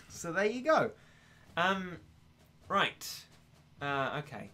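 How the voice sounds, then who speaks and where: A young man streaming live, chatty and quick to laugh at himself. His voice is bright and animated, bouncing around in pitch. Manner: chatty, giggly, self-mocking. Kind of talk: casual live-stream chat.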